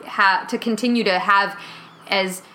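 Bright-voiced woman recapping on a podcast. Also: mid-range voice, steady tone, unhurried, slight background noise. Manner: chatty, acts out characters' lines. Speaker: podcast host recapping a TV episode. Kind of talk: casual chat, episode recap.

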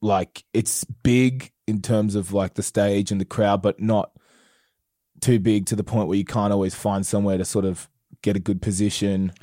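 A young Australian man, a guest musician, chatting in a studio interview in a relaxed, rambling way. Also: on the low side, moderate pace, dry recording. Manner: relaxed and rambling, with fillers and laughs. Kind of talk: casual interview chat.

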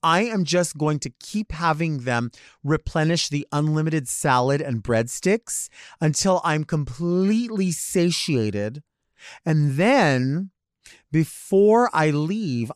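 A man's voice: fairly high pitch, dry recording, studio quality. A man in drag hosting a talk show, delivering a campy, theatrical comic monologue full of rambling asides. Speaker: podcast host in drag.

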